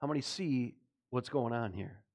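A pastor with a mid-range, slightly mellow voice preaches at a moderate pace, keeping things conversational and frequently putting questions to the congregation. When quoting God and Jonah, he dramatizes their voices.

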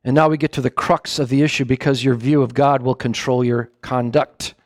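A man preaching a sermon with animated storytelling who often corrects himself mid-phrase. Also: mid-range voice, fairly quick, no echo, clean studio sound.

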